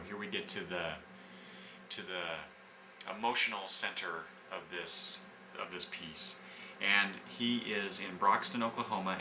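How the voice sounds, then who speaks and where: A man's voice: sits low, sharp tone. Man reviewing comics in an echoey room. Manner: halting, with many fillers and restarts while summarizing. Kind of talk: casual review talk. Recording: echoey room with background noise.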